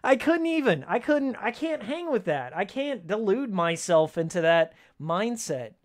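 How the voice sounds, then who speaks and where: A man's voice: sits high, sing-song, measured pace. Heated ranting male game streamer. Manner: heated, ranting, sarcastic, with frequent laughs. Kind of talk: casual live-stream chat while playing.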